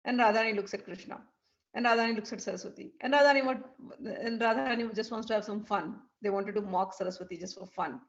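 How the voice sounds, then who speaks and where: A woman telling a devotional story in an animated, vivid way. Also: mid-range voice, quick pace. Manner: animated, vivid retelling with restarts. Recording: dull lo-fi recording.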